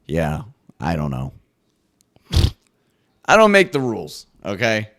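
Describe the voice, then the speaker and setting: A man hosting a casual solo podcast monologue, swearing freely and jumping into high mock voices now and then. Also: wildly swooping pitch, slow, a bit bright, no echo, clean studio sound. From US East Coast. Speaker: podcast host.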